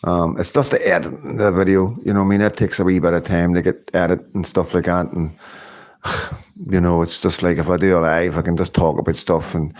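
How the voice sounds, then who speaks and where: A man's voice: sits low, little pitch movement, a little fast. A middle-aged man hosting a casual livestream, chatting in a rambling way and laughing often. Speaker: livestream host. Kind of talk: casual live-stream chat.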